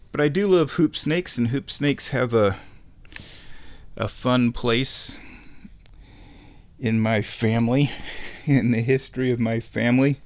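A man's voice: mid-range voice, a little mellow. A man rambling to the camera at home, wry and digressive, with frequent chuckles. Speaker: vlogger. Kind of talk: casual rambling monologue.

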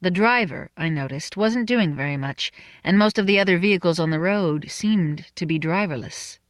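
A narrator reading a first-person novel in a measured, soft-spoken way. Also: medium pitch, no room sound, clean studio sound. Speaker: audiobook narrator.

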